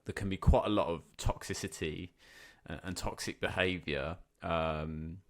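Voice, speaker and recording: Brief: male podcast host, very low voice, measured and hesitant. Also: fairly even intonation. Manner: thoughtful, hesitant questions with fillers. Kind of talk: casual interview.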